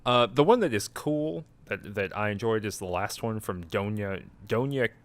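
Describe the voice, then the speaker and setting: A man's voice: lowish voice, lively intonation, moderate pace. A sleepy young man co-hosting a podcast, casually recapping a video game in a rambling, self-interrupting, amused way. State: sleepy, yawning. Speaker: podcast co-host.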